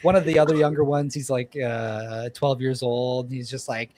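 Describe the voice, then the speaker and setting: A man's voice: medium pitch, steady tone, moderate pace, a little mellow, dry recording. Rambling man running a tabletop game. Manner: rambling, many ums and restarts. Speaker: game master.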